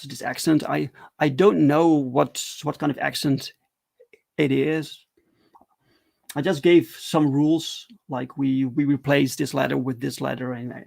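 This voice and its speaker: A man casually walking viewers through his own comic on a livestream, halting and repeating words, enthusiastic about the artwork. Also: fairly high pitch, vocal fry. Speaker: comic creator streaming.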